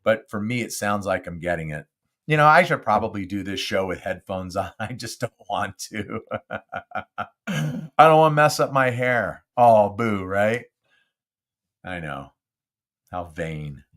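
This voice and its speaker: An older man from Southern California hosts his own live podcast, close on a studio mic. His voice sits a little low, and he chats in an animated, self-mocking way. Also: a little slow, long pauses. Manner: chatty and animated, self-deprecating. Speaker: podcast host. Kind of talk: casual live podcast chat. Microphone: close studio mic with windscreen.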